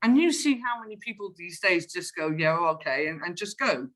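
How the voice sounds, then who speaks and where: Woman telling lively sales stories. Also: medium pitch, fairly quick. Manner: animated storyteller, acts out phone calls. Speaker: guest, sales professional. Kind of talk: casual interview chat.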